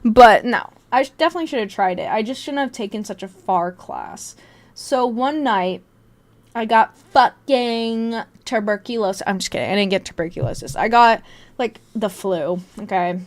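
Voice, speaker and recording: A woman's voice: fairly high pitch, expressive, normal speed. A woman in her twenties telling a rambling, profane story on a casual live stream.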